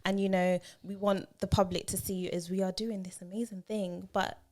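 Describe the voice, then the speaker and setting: A woman's voice: mid-range voice, little pitch movement, brisk, a little mellow. A woman co-hosts a podcast in easy, casual conversation. She adds wry comments and short remarks that back up her co-host. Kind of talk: casual chat.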